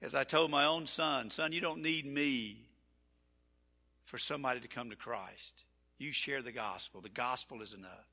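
A man preaching a sermon as pastor, folksy and animated, repeating his phrases. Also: medium pitch, normal speed, vocal fry. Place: church sanctuary. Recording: church hall reverb.

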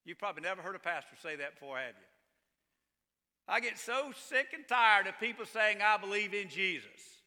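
A man preaching a sermon as pastor, emphatic and building to forceful passages. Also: sits high, brisk, in a large hall.

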